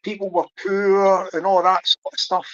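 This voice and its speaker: A man's voice: sits high, little pitch movement, moderate pace. A man hosting a casual livestream, talking in a hesitant, rambling way with many restarts. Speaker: livestream host. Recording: dry lo-fi stream audio.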